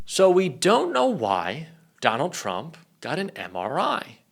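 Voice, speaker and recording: A man's voice: on the high side, wildly swooping pitch, slow, creaky. A male political commentator giving sarcastic, mocking reaction commentary, with casual profanity.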